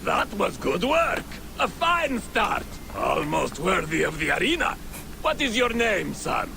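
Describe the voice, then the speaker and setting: An actor playing a gruff, proud old male arena trainer with a gravelly voice, from game audio. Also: sits high, sing-song, unhurried, bright, forceful tone, slight background noise, heavily acted. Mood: appraising.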